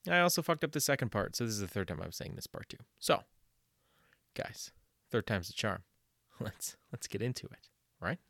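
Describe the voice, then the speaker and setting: Rambling, self-mocking young podcaster. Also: male voice, fairly low pitch, fairly bright tone, no echo, clean studio sound. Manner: rambling, self-deprecating, swears often. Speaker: podcast host. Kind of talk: casual solo podcast.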